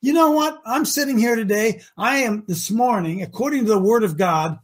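A man hosting a call-in talk show with emphatic, preachy delivery, shifting between loud outbursts and low asides. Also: normal speed, breathy edge. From Ohio. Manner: emphatic and preachy, swinging between shouting and mutters.

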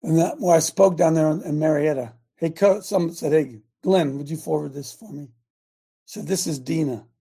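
An older man hosting a talk radio show, delivering a fiery, repetitive preachy rant that rises to shouts. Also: a little high, normal speed, gravelly, husky.

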